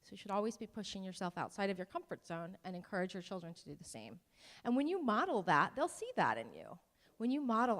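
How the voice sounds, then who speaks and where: A woman talks to a room of parents in a loose, conversational way, dropping ums and poking fun at herself. Her voice has a middling pitch and sits in a big hall with a long, trailing echo. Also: big pitch swings, quick pace, a bit bright. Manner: conversational, with ums and self-deprecating asides. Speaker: presenter at a parent workshop. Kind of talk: informal talk to parents.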